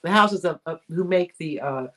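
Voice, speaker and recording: A woman from the United States hosting a live video chat, talking in a casual way with frequent restarts and quick laughs. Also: deep voice, a bit bright. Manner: chatty, laughs often, full of restarts. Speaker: host.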